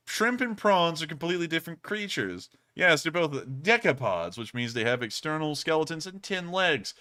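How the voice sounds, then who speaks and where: A man's voice: mid-range voice, pushed and bright, clear, resonant tone. A young man hosting a casual livestream, thanking donors with laughter and rambling asides. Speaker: livestream host.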